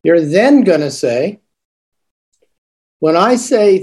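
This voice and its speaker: A man coaches teachers in a mellow, darker voice. He demonstrates classroom greetings with playful, sing-song stress, setting up each example as he goes. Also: sits high, expressive, takes it slowly. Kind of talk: coaching talk.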